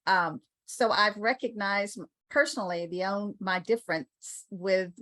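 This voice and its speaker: A woman's voice: mid-range voice, unhurried, a bit bright, no room sound. Esl teacher lady on a video panel, friendly, dry close sound. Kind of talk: online panel discussion. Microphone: video call.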